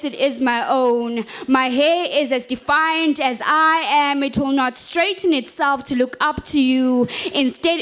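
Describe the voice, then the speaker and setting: Young woman doing spoken word, high voice, fierce rhythmic delivery. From South Africa. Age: young adult. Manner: impassioned, rhythmic, repeating refrains. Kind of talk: spoken word poetry performance. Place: rooftop bar stage.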